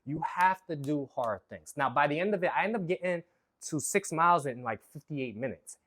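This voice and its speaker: A man vlogging a candid, animated personal story, swearing freely and acting out his own inner voices. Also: a little high, moderate pace.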